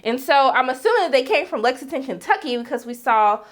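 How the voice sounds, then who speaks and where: Woman doing a chatty tv recap, slangy and lively, bit higher voice. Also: a little fast. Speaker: TV show reviewer. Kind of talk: casual episode recap.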